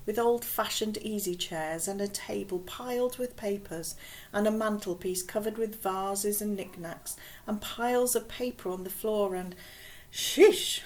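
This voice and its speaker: A woman reading a children's novel aloud in a calm, unhurried way, now and then dropping to a whisper. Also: medium pitch, poor audio. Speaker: audiobook reader.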